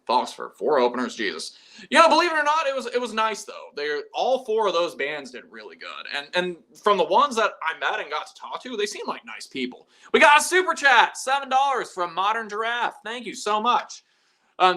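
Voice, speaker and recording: A man's voice: high voice, sing-song, brisk, bright, forceful tone. A man hosting a casual live stream about metal music, reading viewer messages and rambling animatedly, swearing freely. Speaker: metal YouTube channel host.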